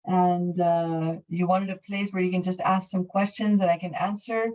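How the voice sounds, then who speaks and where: A woman's voice: lowish voice, steady tone, moderate pace, a little mellow, distant mic, dull audio. A middle-aged woman from Canada teaching an English class online, explaining in a friendly way with many fillers and restarts. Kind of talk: online class, answering questions.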